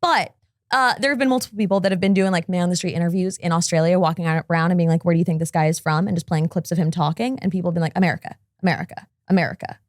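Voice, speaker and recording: A woman co-hosting a casual talk show, chatty and animated as she explains online gossip. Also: lowish voice, very fast, no room sound, clean studio sound. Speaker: co-host.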